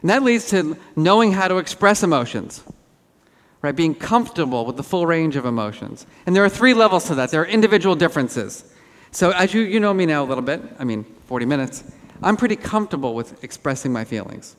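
Man, keynote speaker, animated self-deprecating storyteller, stage mic, long hall echo. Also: a little high, a little fast. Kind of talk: lively conference keynote. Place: large auditorium. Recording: hall reverb.

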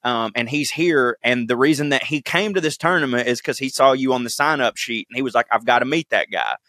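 A man, co-hosting a podcast and telling stories in a profane, animated way, acting out the people he quotes. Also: medium pitch, a little fast, no echo, studio quality. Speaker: podcast co-host. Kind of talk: casual chat, comic storytelling.

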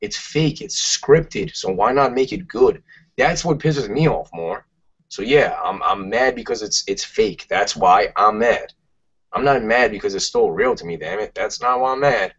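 A man's voice: fairly low pitch, moderate pace, fairly bright tone, slightly rough. Profane ranting Philly man, muffled audio. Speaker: podcast co-host. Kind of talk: casual podcast chat.

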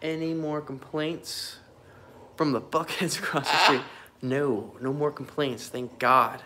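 A man's voice: a little high, fairly even intonation, slow pace, background noise. A man from the United States chatting casually on a live stream from his home and backyard, swearing freely and talking to his animals. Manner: loose, swearing, talks to animals and chat. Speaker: pet keeper streaming live.

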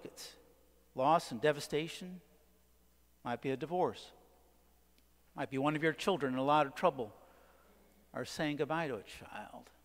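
A man preaching a sermon as pastor, asking the congregation questions and leaning on dramatic pauses. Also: a little high, fairly bright tone. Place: church. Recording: long church reverb. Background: church sanctuary.

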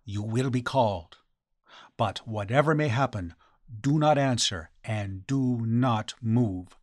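Guy reading as a grave old priest, measured and solemn, dry close mic. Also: medium pitch, no echo. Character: stern old Buddhist priest giving grave warnings.

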